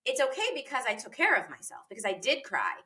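A woman's voice: sits high, wildly swooping pitch, quick pace, sharp tone. A woman speaking earnestly and reflectively in a casual podcast conversation about parenting, with frequent fillers and repeated phrases.

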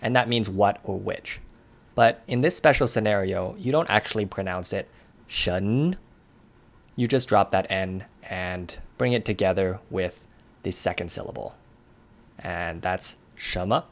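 A man co-hosting a language lesson, explaining pronunciation in a clear, methodical way. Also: low-pitched, moderate pace. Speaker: language podcast co-host.

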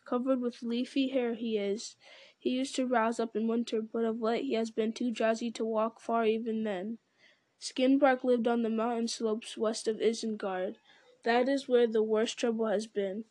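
A woman voicing an ancient, slow and grave male tree-giant in a storybook reading, speaking in a solemn, deliberate way. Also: on the high side, little pitch movement, mellow, dry recording, lightly acted.

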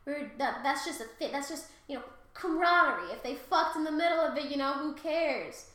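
High, bright woman in loose podcast chat. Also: brisk, very echoey. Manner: loose, profane, laughs often. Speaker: podcast co-host.

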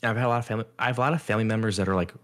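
A young man co-hosting a podcast, chatting casually, rambling with lots of filler words and slipping into animated impressions. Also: lowish voice, very fast. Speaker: podcast co-host. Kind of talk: casual chat.

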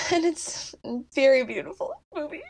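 A young woman co-hosting a casual movie podcast. Her pitch rises and falls a lot as she retells the story, packing her sentences with "like" and breaking into laughs. It sounds relaxed and conversational. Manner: animated storytelling, many "like" fillers, laughs often. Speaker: podcast co-host. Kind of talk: casual movie recap chat.

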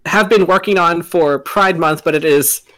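A man's voice: on the high side, moderate pace, fairly bright tone. A man hosting a tabletop game stream as dungeon master, giving announcements in a joking, easygoing way. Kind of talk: casual stream chat.

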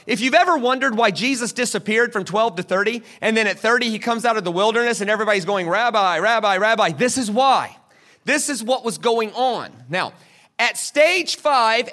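A man with a high voice delivers a teaching sermon. His tone is bright and ringing, and he talks in an animated way, coaxing his listeners to repeat words back to him. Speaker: preacher. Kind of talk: sermon teaching with audience participation.

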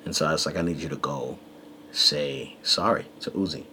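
A man's voice: extremely low pitch, normal speed, a little hiss or hum. A man in his thirties co-hosting a podcast, telling a family story in casual chat and acting out the quotes. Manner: animated storyteller, acts out quotes. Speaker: podcast co-host.

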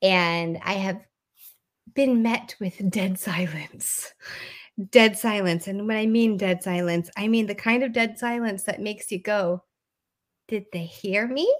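A woman's voice: medium pitch, measured pace. A woman from the American Midwest, co-hosting a casual podcast, talking candidly and swearing freely. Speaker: podcast co-host. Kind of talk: casual chat.

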